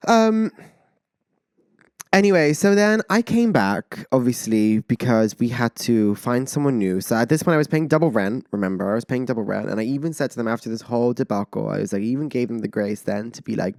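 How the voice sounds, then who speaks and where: A man's voice: mid-range voice, animated, a little mellow, no room sound, studio quality. Indignant young man ranting on a podcast. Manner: swears a lot, fast-rising indignant outbursts, many "like" fillers. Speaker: podcast host. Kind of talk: emotional storytelling monologue.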